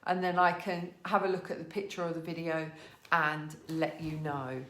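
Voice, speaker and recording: A woman teaching a live online yoga class from her living room, giving gentle, encouraging cues and greeting students by name. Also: low voice, little pitch movement, moderate pace, echoey room. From England.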